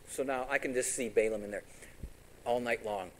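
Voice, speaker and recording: A medium-pitched man talks fast on a low-quality recording. Preaching a sermon, he animatedly retells a story, acting out each character's lines and putting questions to the congregation.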